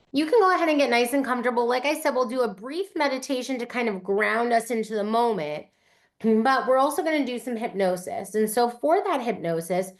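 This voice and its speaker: A woman fertility practitioner leading a guided meditation and hypnosis session in a gentle, soothing way. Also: on the high side. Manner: gentle, soothing, speaks slowly on breath cues.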